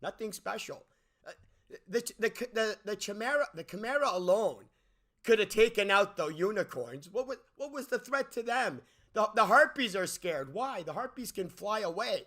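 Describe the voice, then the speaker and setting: A man's voice: high-pitched, animated, normal speed, fairly bright tone. Exasperated man ranting about a movie. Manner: exasperated, repeats words and restarts often. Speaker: movie critic.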